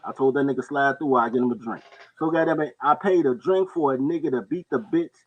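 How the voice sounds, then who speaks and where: Through a muffled recording, a man co-hosting a podcast chats and tells stories in a casual talk-show style. He's an animated storyteller who readily slips into high-pitched voices to play the other characters.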